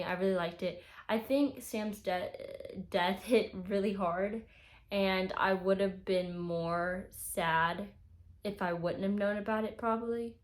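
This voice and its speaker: A young woman vlogging about a book series she is reading. She talks casually and emotionally, full of fillers. Her voice sits at an ordinary middle pitch for a woman. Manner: chatty and emotional, frequent fillers. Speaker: book reviewer.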